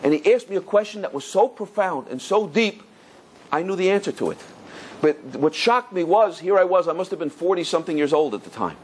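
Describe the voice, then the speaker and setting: A middle-aged man, a rabbi, giving a Torah lecture in an animated storytelling manner full of repetitions. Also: high voice, a little fast, slight background noise.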